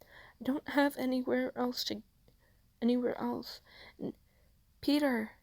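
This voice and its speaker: A woman's voice: fairly low pitch, fairly even intonation, measured pace, mellow, no room sound. A woman voicing a grieving, fiercely protective middle-aged aunt, tearful and trembling with anger.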